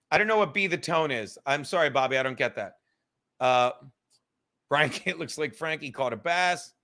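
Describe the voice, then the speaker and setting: A man hosts his own podcast in a high, bright voice. He rants heatedly and swears through nearly every sentence. He breaks off now and then to answer his chat. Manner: profane, heated, ranting. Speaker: podcast host. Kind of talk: profane ranting monologue reading chat comments.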